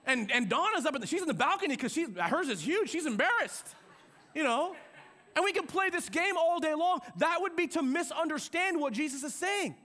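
High-voiced animated male pastor. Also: fairly quick. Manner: animated, conversational preaching with acted-out quotes. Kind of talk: sermon. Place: church sanctuary with a balcony.

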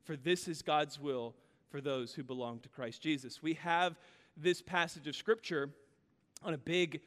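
High-voiced pastor preaching in a reverberant hall. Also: male voice, steady tone, unhurried. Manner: earnest, storytelling, swings from loud to hushed. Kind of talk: sermon. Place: church sanctuary.

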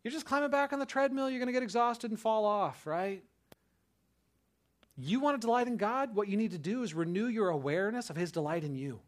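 A pastor preaching a sermon, a man whose voice sits a little higher than most. He talks conversationally and keeps asking "right?". He climbs into loud, rising outbursts, then drops to a hushed, tender softness. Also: animated, fairly quick. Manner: conversational, repeats words and asks "right?" often.

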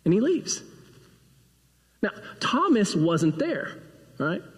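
A pastor preaching a sermon, retelling a gospel story and acting out the voices of its figures. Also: male voice, high voice, very animated, takes it slowly. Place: church sanctuary. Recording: long hall reverb.

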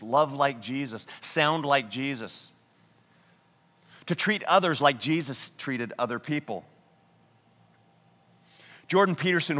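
Bright-voiced preacher man in a reverberant hall. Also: mid-range voice. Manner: earnest storytelling preaching, slows down for emphasis. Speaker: pastor. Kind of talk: sermon.

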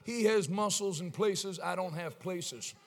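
A man's voice: sits high, a little slow, long reverb tail. A male preacher telling a humorous story in his sermon, in a wry, conversational way.

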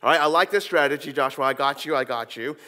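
A man preaching a sermon, animated, acting out biblical characters with casual slang. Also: medium pitch, fast talker, long reverb tail.

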